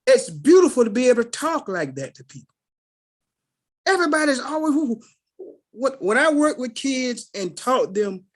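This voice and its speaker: A middle-aged man, telling personal stories on a group call and acting out the voices of the people in them. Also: sits high. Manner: animated storyteller who acts out quoted voices. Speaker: call participant. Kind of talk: casual spoken testimony.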